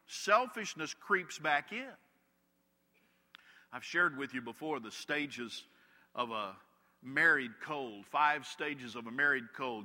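A pastor delivers a sermon, a man whose slightly high voice comes through sharp and forceful. He teaches through funny everyday anecdotes. His words ring out with a long reverberant tail from a large church hall. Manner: storytelling with humorous anecdotes.

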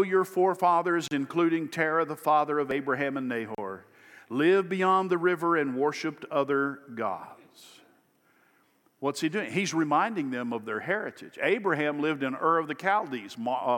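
A man preaching a sermon, delivering it emphatically and rising louder on key phrases. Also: a little high, in a large hall. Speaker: pastor.

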